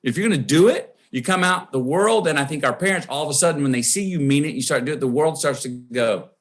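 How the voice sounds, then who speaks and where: A man's voice: on the high side, fast talker. A man with a Texan accent, a podcast guest telling a personal story and acting out the voices he quotes.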